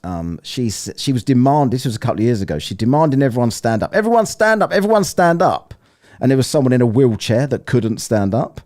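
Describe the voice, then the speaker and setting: A man's voice: mid-range voice, quick pace, hardly any pauses. A man with an English accent hosting a casual panel chat, swearing freely, teasing his guests and telling stories. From England. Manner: swearing, teasing, lively storytelling.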